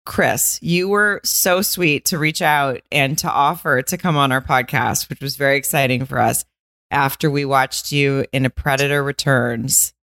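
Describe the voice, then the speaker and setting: A woman from the American South co-hosts a podcast, chatting playfully and swearing now and then. Her voice is low for a woman. The recording is dry and close. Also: measured pace, a bit bright, no room sound. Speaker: podcast co-host. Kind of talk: casual chat.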